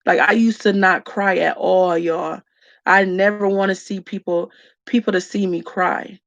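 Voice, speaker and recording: Tearful woman talking slow to her viewers, gravelly voice, dry muffled sound. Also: mid-range voice, steady tone, dry recording. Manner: slow, reflective, addresses viewers as y'all. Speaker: vlogger. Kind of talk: emotional personal talk to viewers.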